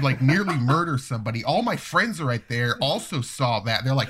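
A young man in a casual chat, telling a long story in a rambling, profane, animated way. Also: mid-range voice, fairly quick. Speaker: storyteller guest.

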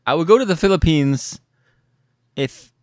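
A man's voice: a little high, measured pace, dry recording, studio quality. A man co-hosting a casual chat, telling stories with laughs and the odd swear word. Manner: laughing, swearing, animated storytelling.

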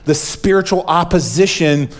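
A male pastor delivers a sermon with a voice pitched a little above the usual for a man. He drives his points home through repetition and keeps asking the congregation to respond. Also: normal speed. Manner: emphatic, repetitive preaching that calls for audience responses.

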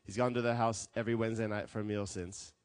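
A man preaching a sermon as a pastor, telling stories with lively acted quotes. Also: on the low side, fast talker, no echo. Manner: animated storytelling with acted quotes.

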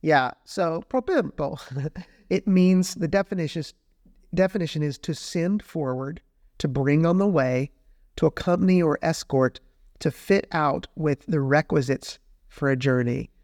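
A man co-hosting a missionary podcast, calmly explaining Bible word meanings in casual chat. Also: on the high side, measured pace, dry recording, clean studio sound. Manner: calm, steady explaining. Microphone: podcast microphone.

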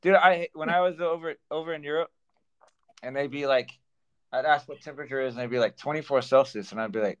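A man's voice: medium pitch, brisk, muffled recording. A young man co-hosting a podcast, chatting casually and laughing often. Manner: laughs often, animated storytelling. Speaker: podcast co-host. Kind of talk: casual chat.

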